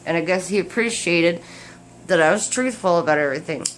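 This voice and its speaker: Drowsy from medication and worn out, a woman rambles through a casual vlog update to camera, restarting often. She speaks a little fast in a lowish voice, with slight background noise.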